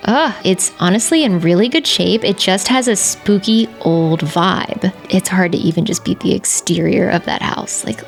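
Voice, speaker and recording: A young woman casually commenting out loud as she browses house listings, reacting with laughs and gasps. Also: medium pitch. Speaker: vlogger.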